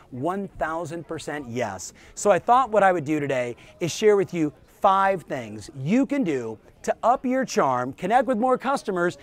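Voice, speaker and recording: A man hosting his own show as a real estate business coach, giving an energetic, emphatic motivational talk straight to the viewer. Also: high voice.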